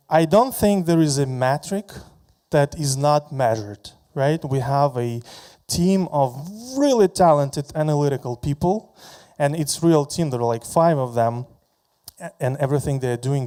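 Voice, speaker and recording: A man giving a conference talk about his product, halting often and repeating words as he walks through slides. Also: medium pitch, dark tone, clean tone.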